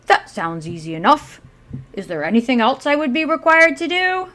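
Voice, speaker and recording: Lady doing a big muscly guy, loud and blunt, bouncy voice. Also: sits high, sing-song, normal speed, pitched above the performer's own voice, full character voice. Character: tall muscular young man, blunt, unimpressed.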